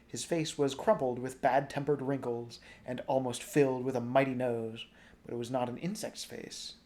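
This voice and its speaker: A young adult man reading a novel aloud in a relaxed, informal way. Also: mid-range voice, normal speed. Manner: relaxed, informal, jokes at stumbles. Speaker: storybook reader.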